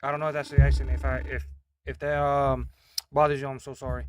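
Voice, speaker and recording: A man giving casual, crude, joking commentary while playing a game, often trailing off into quiet mumbled asides. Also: mid-range voice, little pitch movement, fast talker, clean tone, dry recording. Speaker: gaming streamer.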